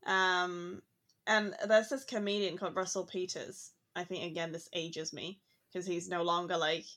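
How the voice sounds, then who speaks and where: A woman's voice: lowish voice, level tone, moderate pace, fairly bright tone. Casual co-host: woman, conversational, reflective, easy laughter. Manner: chatty, reflective, laughs easily. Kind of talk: casual chat.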